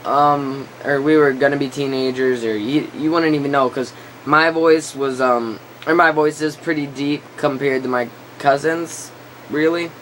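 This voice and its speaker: A man's voice: medium pitch, fairly even intonation, a little slow, a bit bright, a little hiss or hum. A teenage boy telling a story to camera in a rambling casual way, full of fillers, his voice breaking and cracking now and then. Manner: rambling, lots of filler and restarts. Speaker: vlogger.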